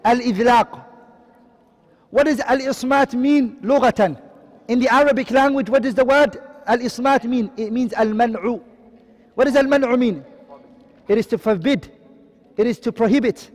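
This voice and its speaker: A man teaching a tajweed lesson online, quickly reciting Arabic terms and then explaining them in English, often asking a question and answering it himself. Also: very high voice, darkish tone, long reverb tail. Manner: quizzing, asks and answers his own questions.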